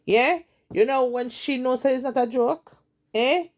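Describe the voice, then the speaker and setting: A woman's voice: high voice, a little slow. A woman with a Jamaican accent, retelling a story in emphatic, repetitive, dramatic casual chat as host.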